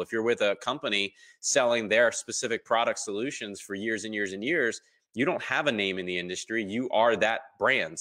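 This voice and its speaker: In a laid-back interview, a man in his 30s appears as a podcast guest, telling animated stories peppered with ums. His tone is bright and forward yet lowish, and he mimics others' voices when quoting them.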